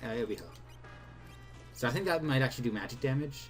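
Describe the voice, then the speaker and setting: A man's voice: medium pitch, expressive, fast talker, soft background music. A man co-hosting a game let's play, chatting casually and dropping dry, teasing quips. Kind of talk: casual chat over gameplay.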